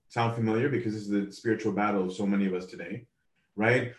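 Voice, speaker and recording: A man's voice: mid-range voice, quick pace. A man preaching a sermon in a casual, conversational way. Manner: casual, conversational, acts out quoted voices. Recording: roomy, from a distance.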